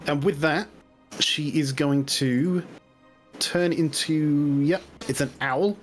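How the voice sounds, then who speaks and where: A man running a tabletop game as game master, narrating in a relaxed, chuckling way. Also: fairly high pitch, slow pace, faint music behind.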